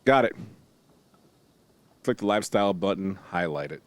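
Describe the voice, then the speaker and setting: Here a deep-voiced man speaks at a normal speed with no echo as he plays a strategy game on stream. He reads tutorial lines out loud, chats and jokes playfully with his audience, and now and then bursts out excitedly.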